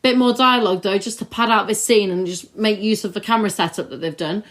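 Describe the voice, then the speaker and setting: A woman co-hosting a chat podcast, reviewing a TV episode and acting out scenes in quick put-on voices. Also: mid-range voice, a bit bright. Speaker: podcast co-host. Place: recorded together in the same room.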